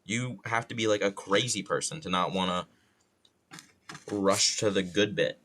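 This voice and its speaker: A man's voice: low-pitched, a little slow, fairly bright tone, slight background noise. A man from New York streaming live, rambling casually in a self-mocking, loosely profane way with a plain, neutral accent.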